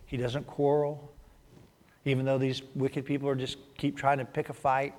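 A man preaching a sermon, telling the story in an animated way that swings from loud bursts to hushed asides. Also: medium pitch, normal speed. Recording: long hall reverb.

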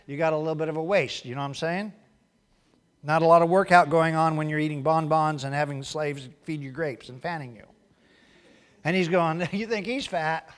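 A man preaching a sermon in a church, acting out quotes loudly and then dropping to quiet asides. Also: a little high. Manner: animated, acts out quotes loudly, then drops to a hushed aside. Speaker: pastor.

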